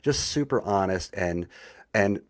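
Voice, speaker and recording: A man's voice: sits low, expressive, measured pace, no echo, studio quality. A man speaking as a guest on a casual podcast, candid and enthusiastic, with filler words.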